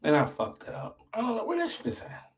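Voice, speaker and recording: A man hosting a casual livestream chat, slangy and profane, swinging from mumbles to shouts. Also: high voice, wildly swooping pitch, quick pace, recorded from a distance, dull audio, slight background noise. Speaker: livestream host.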